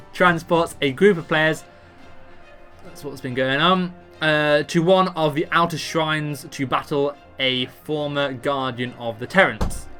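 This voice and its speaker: A man narrates his gameplay in an offhand, jokey way, reading ability text and tripping over words. His voice is bright and forward, and faint music sits under it. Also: a little high. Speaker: gamer explaining a raid boss. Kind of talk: casual gameplay commentary, reading abilities aloud.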